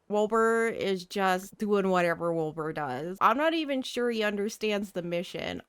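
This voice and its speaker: A woman's voice: mid-range voice, a bit bright. A young woman giving playful, chatty, self-mocking commentary while playing a life-sim game. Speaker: gaming creator. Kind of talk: casual gameplay commentary.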